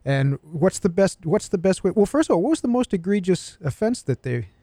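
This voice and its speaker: A man co-hosting a radio talk show, engaged and agreeable, chiming in with quick affirmations. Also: sits high, very animated, dark tone, no room sound, clean studio sound.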